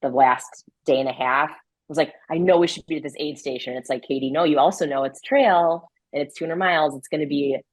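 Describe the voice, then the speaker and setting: A low-pitched woman talks through a casual interview in a loose, chatty way. She leans on fillers and breaks into laughs often, and her voice sounds dry and close to the mic. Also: brisk, no echo, low-quality recording. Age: adult with a grown daughter. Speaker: interview guest, ultrarunner.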